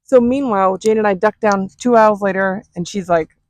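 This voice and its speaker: A woman vlogger and mother telling a story in a chatty, animated way. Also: medium pitch, brisk, no room sound. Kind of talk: casual storytelling.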